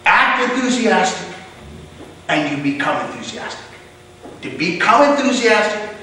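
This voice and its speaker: A man giving a motivational contest speech to a club, emphatic, with deliberate pauses and punched key words. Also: high voice, very animated, bright, forceful tone. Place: club meeting room. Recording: echoey room from far off, faint hiss.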